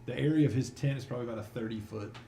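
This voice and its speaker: A man's voice: mid-range voice, racing, dark tone, soft background music. Casual man running a tabletop game. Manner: casual, rambling, many fillers. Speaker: game master. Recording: roomy mic with faint noise.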